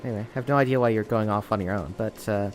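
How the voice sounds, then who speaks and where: A man running a tabletop game as game master, talking in halting bits with frequent restarts. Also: on the low side, slight background noise. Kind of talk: narrating a tabletop game over voice chat. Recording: music playing behind.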